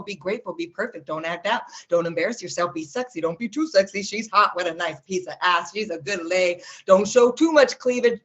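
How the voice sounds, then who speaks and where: Woman rattling off spoken word poetry. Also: on the high side. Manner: rapid-fire, rhythmic list delivery with sharp mocking jabs. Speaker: open mic poet. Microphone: video call. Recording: muffled lo-fi video call audio.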